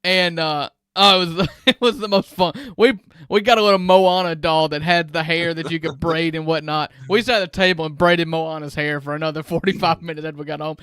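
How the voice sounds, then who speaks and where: A man, co-hosting a sports podcast and telling stories in an animated way with frequent chuckles. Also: fairly high pitch, fairly quick, smooth, no room sound, clean studio sound. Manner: animated storyteller, chuckles often. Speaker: sports show co-host. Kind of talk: casual podcast chat.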